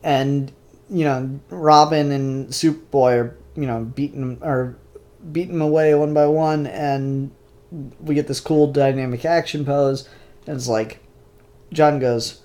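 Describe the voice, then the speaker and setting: A man's voice: medium pitch, steady tone, unhurried, a little mellow. A man casually reviewing comic books, rambling and opinionated with frequent fillers.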